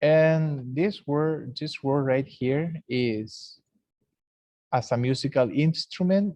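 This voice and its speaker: A man teaching English, explaining slowly and repeating example words aloud. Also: mid-range voice, darkish tone, no echo. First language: Spanish. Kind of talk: classroom lesson recording.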